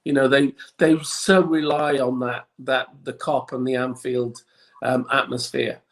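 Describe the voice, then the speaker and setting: Measured in pace and flat in delivery, this medium-pitched Liverpudlian guest keeps the interview conversational. He's chatty but keeps stumbling into small restarts and ums, the way a man from Liverpool, England, might in an easygoing chat.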